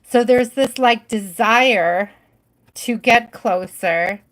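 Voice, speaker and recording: A woman's voice: a little high, takes it slowly, fairly bright tone. A woman hosting a live tarot reading stream, chatty and giggly, often trailing off mid-thought.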